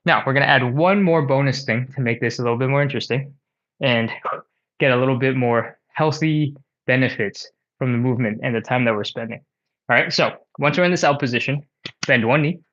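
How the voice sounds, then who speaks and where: A man's voice: mid-range voice, normal speed, fairly bright tone, dull audio. A man leading a live home stretching class, chatty and rambling, counting reps aloud and short of breath. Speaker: stretching instructor. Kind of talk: live-streamed workout instruction.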